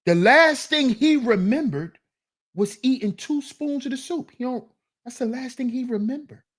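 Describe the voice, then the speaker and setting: A woman whose voice sits high talks at normal speed. She runs a reaction commentary channel where she scolds and mocks viewers, says lines again for emphasis, and mimics the men she criticizes.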